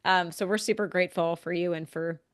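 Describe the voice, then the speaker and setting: A woman's voice: on the low side, fairly even intonation, brisk. A woman co-hosting a podcast, thanking and questioning her guest in a friendly, supportive way. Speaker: podcast co-host. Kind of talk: casual interview chat.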